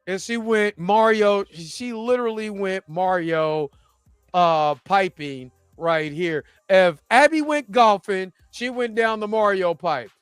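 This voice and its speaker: A man's voice: high voice, takes it slowly, fairly bright tone, clear, resonant tone, no echo, clean studio sound, faint music behind. A man hosting a casual TV episode review, rambling loosely and acting out the characters' lines with bursts of laughter. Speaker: TV review host. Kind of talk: casual video review with reenacted quotes.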